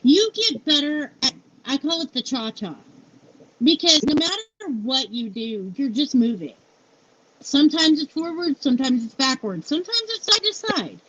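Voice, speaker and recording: High-pitched woman in her 40s, blunt and sweary, telling her story live, muffled lo-fi sound. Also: fairly bright tone, a little hiss or hum. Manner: blunt and frank, swears freely, peppered with "you know". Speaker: founder and CEO, interview guest. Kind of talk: candid personal storytelling in a live interview. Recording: muffled lo-fi live stream audio.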